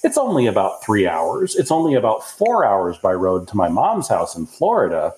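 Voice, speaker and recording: A man's voice: lowish voice, wildly swooping pitch, moderate pace, darkish tone, reverberant, rough recording. An American man with a Southern accent chatting on a podcast, rambling with many fillers. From United States. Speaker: podcast co-host. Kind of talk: casual podcast chat.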